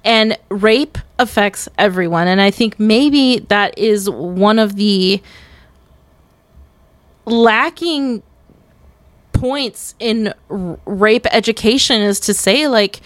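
A woman's voice: mid-range voice, takes it slowly, no room sound. A woman co-hosting a casual film-review podcast, making blunt, argumentative points. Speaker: podcast co-host.

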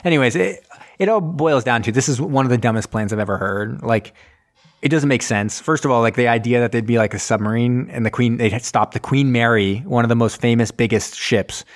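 A man in casual chat, recapping a film plot and acting out the characters' lines in quick voices. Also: mid-range voice. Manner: rambling, acts out scenes in quick voices. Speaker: podcast host recapping a film.

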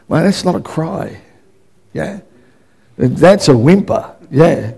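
A male pastor preaching a sermon in a church, swinging between loud, fervent bursts and hushed moments and often repeating words as he restarts a thought. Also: on the high side, expressive, slow, creaky, pauses often, slightly rough.

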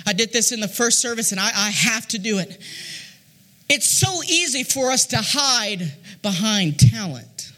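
A man preaching a sermon in a rising, sing-song cadence that swells into shouted, half-sung lines. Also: sits high, animated, a little slow.

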